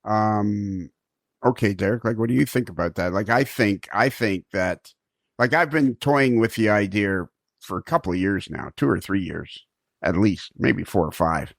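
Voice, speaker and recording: A man's voice: lowish voice, moderate pace, vocal fry, dry recording. A man hosting a podcast in casual conversation, rambling a little and chuckling as he tells stories. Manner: rambling, searching for words, chuckles while telling stories. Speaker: podcast host.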